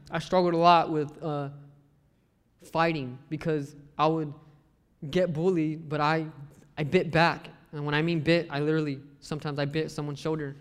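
A man's voice: on the high side, clear, resonant tone. A man preaching in a church, his slightly raised voice trailing off into a long hall echo. He tells personal stories with life and acts out the people in them. The setting is a sermon. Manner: lively storyteller who acts out the people he quotes.

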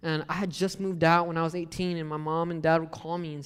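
A man's voice: on the high side, little pitch movement, fast talker, few pauses, clear, resonant tone. A young man giving a casual sermon, mixing scripture with joking stories about his family. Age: young adult. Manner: conversational, joking asides, acts out family quotes. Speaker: lay preacher. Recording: long reverb of a hall.

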